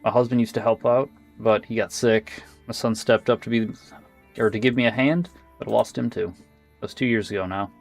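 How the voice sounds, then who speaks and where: A man reading aloud the lines of a weary middle-aged woman who runs a diner, in a plain, flat manner. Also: on the low side, moderate pace, vocal fry, faint music behind. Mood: somber.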